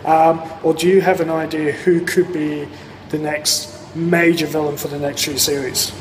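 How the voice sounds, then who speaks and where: A tired Australian man records a friendly video question for a fan show. His voice sits a little high for a man and is casual and chatty, with a faint background hiss. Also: flat delivery, normal speed, low-quality recording. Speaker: viewer sending a video question.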